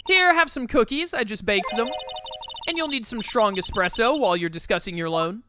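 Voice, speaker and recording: A woman doing a quiet creepy young lender. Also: fairly high pitch, animated, normal speed, faint music behind. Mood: eerie. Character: creepy soft-spoken young woman at a loan shop.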